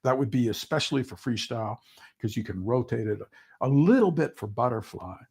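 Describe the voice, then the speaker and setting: A man with a husky, gravelly voice presents a swim-coaching seminar over slides. He talks in a halting way and often pauses on "um" before restarting a phrase. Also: mid-range voice, animated, darkish tone. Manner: halting, with frequent ums and restarts. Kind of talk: online seminar talk with slides.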